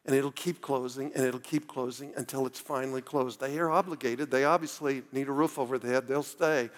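A man's voice: medium pitch, steady tone, fairly quick, in a large hall. A man preaching a sermon as a pastor, talking earnestly and directly to his listeners, pleading with them.

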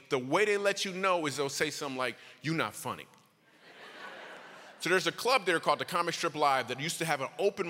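A man doing stand-up storytelling as a comedian, animated, his voice leaping high for punchlines. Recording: long reverb of a hall.

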